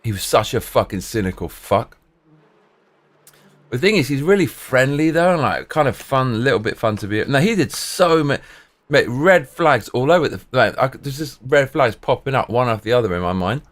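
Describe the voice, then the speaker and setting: A man's voice: medium pitch, expressive, normal speed, a bit bright. A man streamer telling rambling, profane stories in casual chat, full of restarts and swearing.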